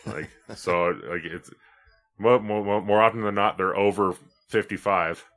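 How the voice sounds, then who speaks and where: A man's voice: fairly low pitch, fairly even intonation, unhurried, a bit bright, soft background music. A man co-hosting a podcast, telling stories in a crude, self-mocking way. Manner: profane, self-mocking storytelling. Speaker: podcast co-host. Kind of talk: casual podcast chat.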